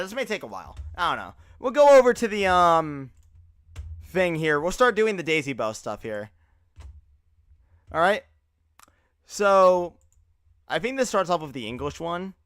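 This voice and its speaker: A man streaming live, giving casual, animated reaction commentary full of loose filler words. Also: a little high, clean tone, dry recording, studio quality.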